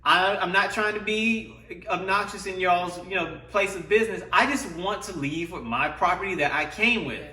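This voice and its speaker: A man tells a heated story, imitating other people's lines along the way. His voice sits high and sounds bright. He is picked up from a distance in an echoey room. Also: moderate pace. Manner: frustrated retelling, mimics others' lines. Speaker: vlogger. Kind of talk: animated storytelling rant. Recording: roomy, away from the mic.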